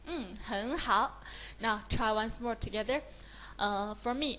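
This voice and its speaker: Taking her time in a sharp-toned voice on the high side, a woman with a Mandarin Chinese accent leads a slow, encouraging lesson for beginners. She mixes English with Mandarin and praises the learner often, though the audio quality is poor.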